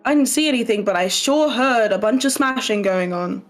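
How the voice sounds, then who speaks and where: A woman's voice: a little high, lively intonation, normal speed, faint music behind, natural voice. A woman voicing a grumpy, drunk old man who lives alone and complains about kids. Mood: irritable. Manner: gruff, irritable complaining.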